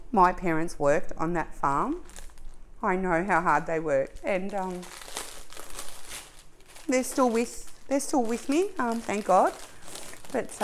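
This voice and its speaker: A woman's voice: lowish voice, slight background noise. A middle-aged woman hosting a crafting unboxing video, chatting to viewers in a gushing, emotional way and often talking to herself. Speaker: crafting channel host. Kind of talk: casual unboxing chat to viewers.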